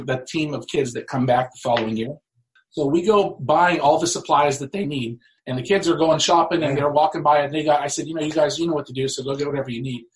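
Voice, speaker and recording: Animated storytelling man. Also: fairly high pitch, poor audio. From United States. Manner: animated, acts out quoted voices. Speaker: guest author. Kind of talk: storytelling in a talk show.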